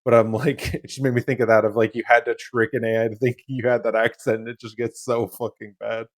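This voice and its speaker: A man's voice: medium pitch, flat delivery, brisk, no room sound, studio quality. A young man co-hosting a podcast in casual chat, laid-back, laughing often and swearing freely. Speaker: podcast co-host.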